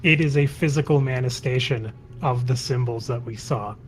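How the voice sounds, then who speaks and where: Man, tabletop player, matter-of-fact, mid pitch, faint hiss behind. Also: fairly quick. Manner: matter-of-fact, correcting others. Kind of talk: casual tabletop game play.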